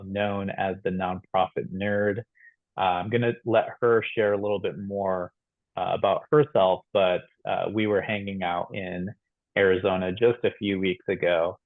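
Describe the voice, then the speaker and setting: Deep gravelly man on a thin line. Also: dry recording. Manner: halting, many fillers. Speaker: webinar host introducing a guest. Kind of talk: casual introduction. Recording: dry, phone-like call audio.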